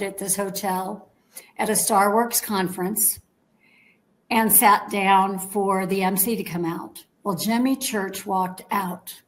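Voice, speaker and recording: A woman guest in an interview, telling a personal story in a lively way, acting out the dialogue and checking in with her listeners. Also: mid-range voice, rough recording. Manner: animated storyteller, acts out quoted dialogue, checks in with "okay?".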